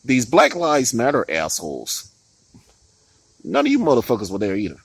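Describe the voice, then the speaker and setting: A man ranting through profane political commentary, his pitch leaping up and down as he works himself up. He laughs between jabs and stumbles over restarts. The sound is close and dry, with no room around it. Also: wildly swooping pitch, moderate pace, slightly rough, no room sound, rough recording.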